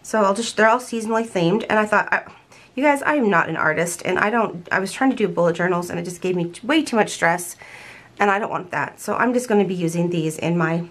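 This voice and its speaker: A woman's voice: mid-range voice, fast talker. An older woman chatting casually at home about a planner haul, gushing and often restarting her sentences. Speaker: planner vlogger.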